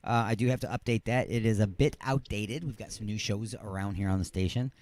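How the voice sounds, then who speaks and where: In a radio studio, a man with a lowish voice hosts a live talk show and plugs his station in a loose, rambling, brisk style. He cracks playful jokes and swings between loud hype and mumbled asides.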